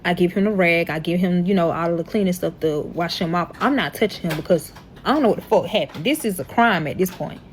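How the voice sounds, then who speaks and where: A young woman telling a dramatic storytime to her viewers in a casual, animated way, swearing often. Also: fairly low pitch, quick pace, a little hiss or hum. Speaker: storyteller reacting to her own past.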